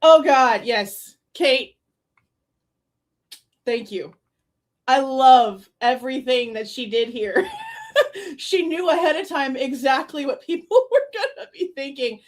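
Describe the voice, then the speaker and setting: A woman with a high, bright voice hosts a live true crime reaction stream. She sounds exasperated and sarcastic, swears freely and laughs often between remarks. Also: animated, slow pace, long pauses.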